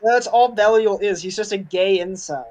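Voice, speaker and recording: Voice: mid-range voice, normal speed, darkish tone. A co-host in a casual group riff chat, rambling with stumbles and restarts and laughing between lines. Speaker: co-host riffing on a show.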